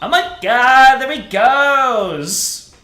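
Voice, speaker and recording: A man's voice: very high-pitched, expressive, drawn-out words, pushed and bright, echoey room, voice pushed up, heavily acted. Man doing squealing fangirls. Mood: gushing. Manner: squealing, gushing. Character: shrieking excited young female fans.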